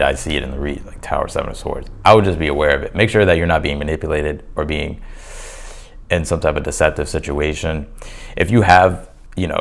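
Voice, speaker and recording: A man with a very low voice and a gravelly, fry-laden edge talks through a tarot spread for his viewers. He is loose and chatty, leaning on fillers and restarting his sentences, and sounds a little hoarse, as if he is losing his voice. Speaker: tarot reader. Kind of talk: casual tarot reading to camera.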